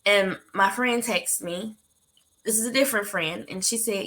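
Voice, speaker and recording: A woman hosting a talk show for women, telling a personal story in an animated, heartfelt way and speaking to her listeners directly. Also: medium pitch, normal speed. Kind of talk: candid motivational storytelling.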